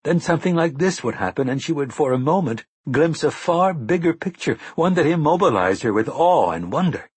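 A man narrating an audiobook in a measured, expressive storytelling manner. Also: a little high, slightly rough, no room sound.

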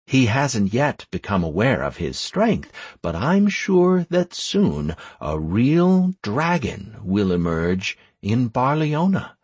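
Composed young woman siren read by a man, audiobook, husky, dry. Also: mid-range voice, sing-song, slow, hardly any pauses, a little mellow, dry recording, heavily acted. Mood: calm. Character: young female siren, calm and formal.

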